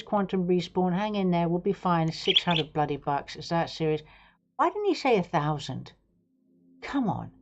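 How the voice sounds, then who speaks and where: A woman's voice: on the low side, a little mellow, lo-fi sound. A woman hosting a live stream, chatting casually and frankly, swearing freely. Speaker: livestream host.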